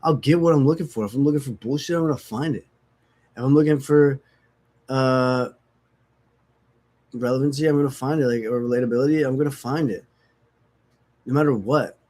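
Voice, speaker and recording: Sniffling through opiate withdrawal, a man vlogs frankly about his recovery, cursing, rambling, and mocking himself in casual talk to camera. His mid-range, darkish voice comes out brisk, with frequent pauses.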